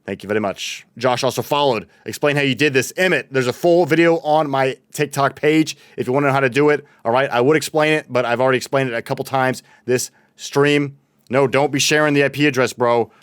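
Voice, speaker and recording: A man's voice: medium pitch, fairly quick, smooth, dry recording, clean studio sound. A young man livestreaming a building game, chatting casually and reading out his chat. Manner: chatty, reads chat aloud and thanks followers. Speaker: streamer.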